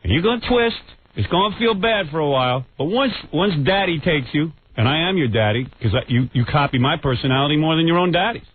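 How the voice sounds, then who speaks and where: Male radio host, taunting and crude, lively swooping pitch, tinny phone-like sound, faint hiss. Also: fairly quick, hardly any pauses. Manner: taunting, crude, mock-menacing.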